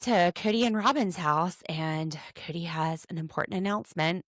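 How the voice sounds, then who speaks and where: A woman's voice: on the low side, moderate pace, dry recording. A woman co-hosting a podcast, chatting casually with sarcastic jokes and frequent laughs. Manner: animated, sarcastic, laughs often. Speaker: podcast co-host. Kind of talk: casual recap chat.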